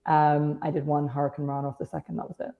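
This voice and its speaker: A woman's voice: low-pitched, completely flat delivery, fast talker, phone-quality sound. A British woman in her twenties, a wrestler guesting on a podcast, chatting casually with dry self-mocking humour.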